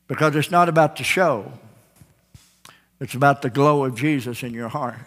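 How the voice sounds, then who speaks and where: Forceful, folksy preacher in a church hall. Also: male voice, mid-range voice, normal speed. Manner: folksy, emphatic preaching with jokes. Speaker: pastor. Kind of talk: sermon. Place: church sanctuary.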